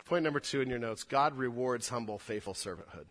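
A man's voice: medium pitch, brisk, a bit bright, a little hiss or hum. A male pastor giving a sermon in a church, earnest and conversational, often repeating words for emphasis. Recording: long hall reverb.

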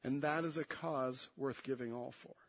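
A man preaching a sermon, moving between hushed and emphatic delivery and repeating words to press his points. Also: mid-range voice, fairly even intonation, moderate pace.

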